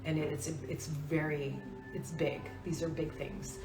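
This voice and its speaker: A woman's voice: deep voice, little pitch movement, unhurried, music in the background. A woman in her forties hosting a casual live stream, talking in an earnest, confiding way about crystals. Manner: soft-spoken, earnest, confiding. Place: room with other people. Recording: roomy, distant mic.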